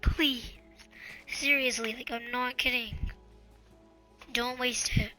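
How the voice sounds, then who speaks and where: Earnest host, female, high bright voice, pleading and repetitive, with faint music underneath. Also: fairly even intonation, slow pace. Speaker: channel host. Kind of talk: casual advice monologue.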